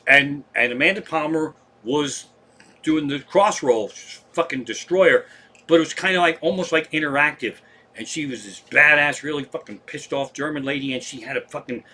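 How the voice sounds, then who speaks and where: A man's voice: on the high side, animated, moderate pace, bright, forceful tone. A man hosting a comedy live stream from home, telling rambling, profane stories in casual chat.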